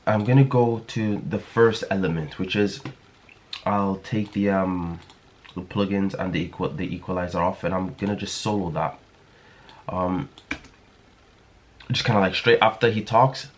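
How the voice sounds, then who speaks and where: A man's voice: sits low, normal speed, long pauses, a little hiss or hum. A man hosting a casual music production tutorial, talking in a hesitant way with many fillers and restarts. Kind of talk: casual screen-recorded tutorial.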